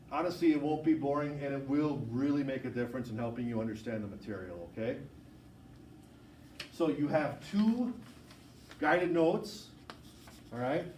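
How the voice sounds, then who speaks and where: A man teaches a biology class, talking quickly and casually as he walks through the handouts. He is heard from a distance, and the classroom around him is roomy and echoing. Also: mid-range voice, darkish tone, slight background noise. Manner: quick, informal, self-correcting. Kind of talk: classroom instruction. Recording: echoey classroom, far from mic.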